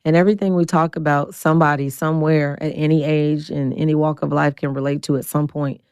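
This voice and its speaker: A woman in her forties, a guest telling her story bluntly and acting out the quoted voices with big jumps in pitch. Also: flat delivery, a little fast, a little mellow, smooth, no echo, clean studio sound. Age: 40s. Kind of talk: candid storytelling interview.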